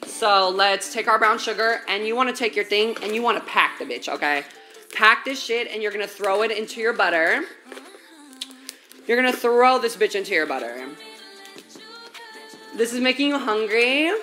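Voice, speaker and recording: Bright, slangy valley-girl woman streamer. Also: mid-range voice, animated, moderate pace, long pauses, soft background music. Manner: valley-girl slang, profane, chatty, talks straight to chat. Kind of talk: casual baking livestream chat.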